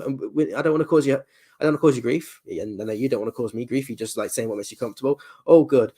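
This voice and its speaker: A man chatting casually on a stream, animated, swearing freely and acting out quoted voices. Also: medium pitch, fast. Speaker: nurse.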